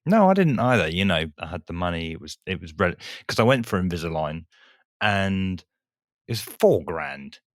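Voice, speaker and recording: A man's voice: low voice, sing-song, moderate pace, no room sound, clean studio sound. A man co-hosting a podcast with a slight lisp from braces, laid-back and teasing. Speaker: podcast co-host. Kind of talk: casual podcast banter.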